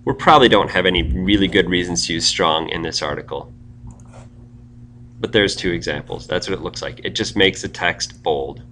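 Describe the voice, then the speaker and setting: A man's voice: low-pitched, normal speed, sharp tone, slight background noise. A man giving a screencast tutorial on web pages, explaining step by step and thinking aloud as he types.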